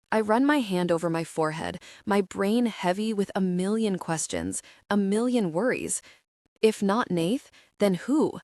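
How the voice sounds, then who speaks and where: A woman reading a dark romance audiobook in first person, with dramatic, tense storytelling. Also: on the low side, animated, normal speed, no room sound, studio quality. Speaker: audiobook narrator.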